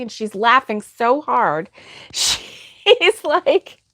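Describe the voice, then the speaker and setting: A woman's voice: a little high, lively intonation, slow pace, fairly bright tone, no room sound, clean studio sound. A woman hosting a crochet livestream, telling a story in casual chat and laughing often.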